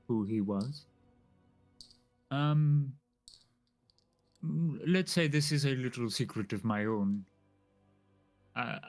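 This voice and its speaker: A formal dwarf noble, voiced by a man, talks slowly and carefully, pausing often with little "um"s as he weighs each word. His voice sits a touch low, and faint music plays underneath. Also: close to an everyday voice. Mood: confiding. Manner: formal, hesitant, fills pauses with "um". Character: formal male dwarf noble, measured and secretive.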